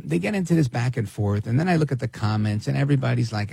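A male talk radio host with a lively, swinging delivery and a gravelly, husky voice. He talks in a sarcastic, opinionated way. The sound is dry and close. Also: mid-range voice, quick pace, hardly any pauses, no room sound. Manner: animated and sarcastic, mimics people in quoted asides.

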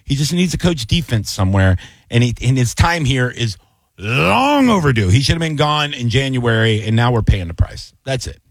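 A man hosting a sports radio show, talking in an animated, excitable way and calling people "dude" and "buddy". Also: mid-range voice, normal speed, no room sound. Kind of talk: casual sports radio chat.

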